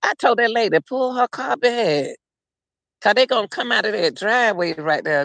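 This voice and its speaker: A man's voice: high voice, lively intonation, moderate pace, gravelly, pushed and bright, no echo. A middle-aged man hosting a casual livestream, rambling and chatting directly to his viewers. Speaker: livestream host.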